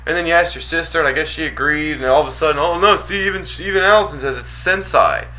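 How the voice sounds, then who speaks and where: Male co-host, very bright tone, slightly high voice, profane teasing banter. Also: racing, low-quality recording. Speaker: radio show co-host. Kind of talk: casual radio banter.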